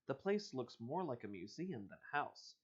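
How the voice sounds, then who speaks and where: A man's voice: mid-range voice, big pitch swings, normal speed, breathy edge. A man reads an adventure gamebook aloud for a live audience, easy and casual, with a middle-range voice. The audio is dull and lo-fi, like a home livestream mic. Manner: casual, chuckling, playful asides. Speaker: host and reader.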